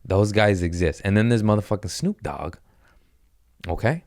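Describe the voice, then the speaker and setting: Profane, animated man with a very low voice. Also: moderate pace, no echo, studio quality. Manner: profane, animated storyteller who acts out voices. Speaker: podcast host and comedian. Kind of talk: crude casual podcast chat.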